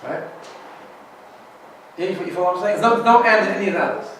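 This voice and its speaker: A man's voice: sits high, fast, fairly bright tone, heavy reverb, far from the mic, slight background noise, low-quality recording. A man teaching an informal Torah class as a rabbi, chatty and often checking in with "right?". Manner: chatty, keeps asking "right?".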